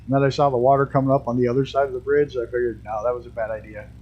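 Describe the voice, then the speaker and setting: A man with a mixed New York and Canadian accent and a trace of Southern US, giving live game commentary at a middle pitch. He laughs a lot and blurts out excited exclamations, his speech hampered by a damaged tooth. The stream mic sounds dull and lo-fi. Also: racing, a little hiss or hum. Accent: mixed New York and Canadian with a hint of Southern US.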